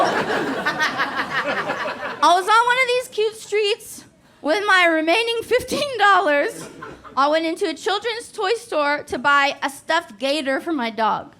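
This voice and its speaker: A woman's voice: extremely high pitch, sing-song, slow pace, noisy background. A woman in her forties doing a profane, self-mocking stand-up set on a comedy club stage. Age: 40s. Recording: live club recording, audience laughter.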